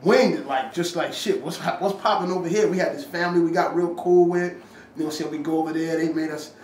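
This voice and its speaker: A man's voice: fairly high pitch, steady tone, fast, a little mellow. A man telling a story in casual slang, acting out quotes and swearing as he goes. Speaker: rapper telling a story after an interview. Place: room, filmed by handheld camera. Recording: echoey room, from a distance, faint ambient noise.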